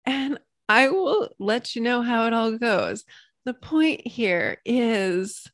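A woman hosting a solo podcast into her computer mic, bubbly and excitable, often jumping into high, squealing cheerleader praise. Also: takes it slowly, dry recording, studio quality. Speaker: podcast host and coach.

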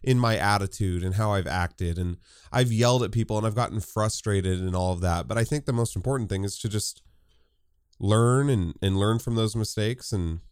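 Halting man chatting as a podcast guest. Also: fairly low pitch, darkish tone, smooth, no echo, studio quality. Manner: halting, many restarts and fillers. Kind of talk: casual chat.

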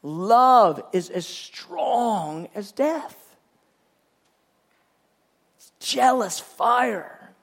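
A male preacher teaching through a sermon with a fairly high voice. He speaks fervently and emphatically, repeating words as he builds toward each point.

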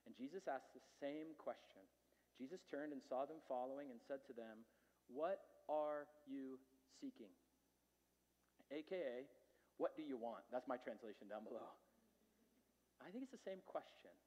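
A man preaches in a loose, conversational way, full of fillers and restarts. He sinks to hushed tones and then climbs to loud, emphatic peaks. His voice carries a long reverb from a large hall. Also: mid-range voice, expressive, moderate pace. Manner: conversational, with fillers and dramatic swings in loudness. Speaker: pastor. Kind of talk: sermon.

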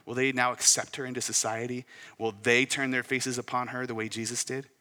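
Bright-voiced male pastor preaching. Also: mid-range voice, level tone, brisk, long reverb tail. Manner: swings from loud emphatic peaks to soft hushed asides. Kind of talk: sermon.

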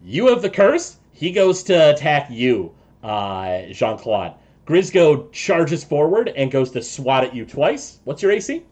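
A man's voice: on the high side, sing-song, darkish tone, a little hiss or hum. A man running a tabletop game as game master, narrating the action with frequent fillers and restarts. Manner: halting, many fillers and restarts.

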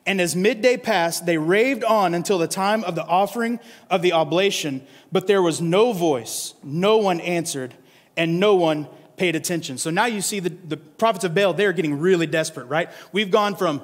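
A man preaching a casual, animated sermon, reading scripture and often asking "right?" to his listeners. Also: high-pitched, normal speed. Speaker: pastor. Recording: long reverb of a large hall.

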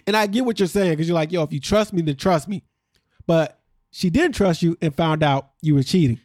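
A man's voice: on the high side, brisk, a little mellow, no room sound, studio quality. A man hosting a podcast, recapping a reality show in casual chat and acting out what people said.

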